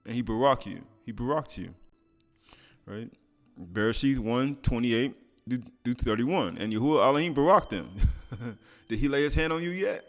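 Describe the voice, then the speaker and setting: A man's voice: medium pitch, lively intonation, normal speed, soft background music. A man preaching a sermon, reading scripture aloud and commenting in casual speech with laughs.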